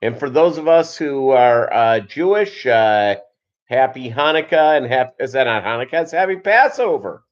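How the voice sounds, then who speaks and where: A man's voice: medium pitch, animated, moderate pace, muffled recording. A man hosting a casual livestream chat, rambling and jokey, with lots of fillers. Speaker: show host.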